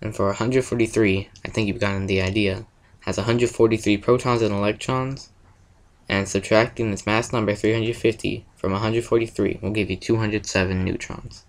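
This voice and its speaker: A man presenting a school science project, reading a prepared explanation in a steady, step-by-step way. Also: lowish voice, moderate pace, poor audio.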